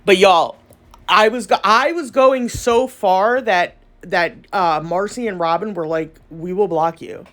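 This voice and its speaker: A woman's voice: medium pitch, a little slow, fairly bright tone. A woman hosting a nail art channel, telling stories in a rambling, chatty voiceover, laughing often and calling her viewers y'all. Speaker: nail art YouTuber and host.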